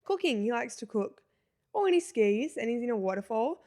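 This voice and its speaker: A woman's voice: on the high side, very animated, a little fast, dark tone. Giggly woman co-host. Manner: giggly, playful, teasing. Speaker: podcast co-host. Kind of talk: casual chat.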